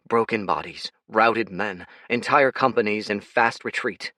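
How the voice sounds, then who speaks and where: A man narrating a fast-paced action audiobook in a dramatic, animated reading style, close to the mic. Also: on the low side, no room sound.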